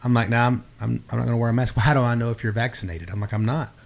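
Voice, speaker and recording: A middle-aged man tells a story on a podcast, in a mid-pitched voice. He talks casually and acts out each person he quotes. His manner is animated throughout. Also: racing, gravelly. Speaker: podcast co-host.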